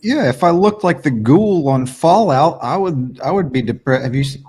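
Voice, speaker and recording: A man's voice: on the high side, expressive, normal speed, darkish tone, husky. A man co-hosting a podcast, teasing his co-host in casual, profane banter.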